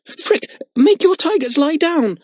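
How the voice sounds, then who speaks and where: A man's voice: extremely high pitch, expressive, slow pace, dry recording, studio quality, voice pushed up, full character voice. A man voicing a frantic little circus girl who shrieks and sobs her pleas in an audiobook.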